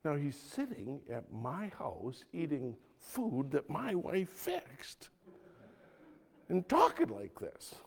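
A man delivers a sermon as pastor, his voice sitting a touch higher than most men's. He preaches emphatically, sinking to near-hushed asides and then climbing to forceful, loud stretches. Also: wildly swooping pitch, slow, gravelly, husky.

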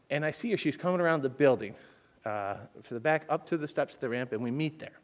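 Brief: male preacher, slightly high voice, animated storyteller who swings from urgent to hushed. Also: fast talker. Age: adult with children. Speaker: pastor. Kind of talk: storytelling sermon.

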